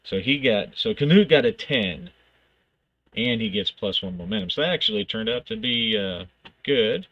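A man with a fairly low voice plays a solo tabletop game, musing his way through the rules. He narrates the fight in quick bursts. The recording sounds dull and lo-fi. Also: expressive. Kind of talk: thinking aloud while playing a solo tabletop game.

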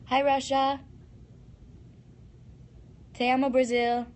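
A woman's voice: medium pitch, moderate pace. A teenage girl hosting a casual live stream, reading fan comments aloud and answering them in a bubbly, giggly way into a phone.

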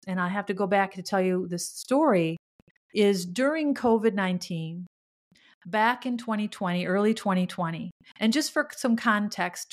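A middle-aged woman hosting a podcast, telling a personal story in an earnest, halting, emotional way. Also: mid-range voice. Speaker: podcast host.

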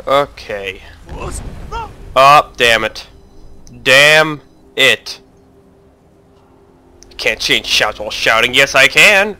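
A young man giving jokey let's-play commentary who talks to the characters on screen and bursts into sudden yells. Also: medium pitch, animated, very slow, pauses often, clear, resonant tone. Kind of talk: gameplay commentary.

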